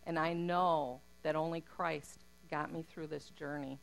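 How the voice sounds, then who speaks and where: Woman, middle-aged, low voice, faith testimony, earnest storytelling. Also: steady tone, a little slow, vocal fry, rough recording. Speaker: speaker giving a testimony.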